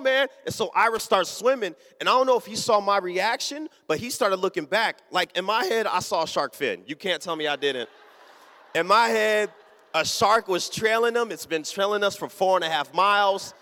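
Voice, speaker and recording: Male preacher, high voice, animated storyteller, long sanctuary reverb. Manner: animated storytelling, call-and-response. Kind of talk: sermon. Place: church sanctuary.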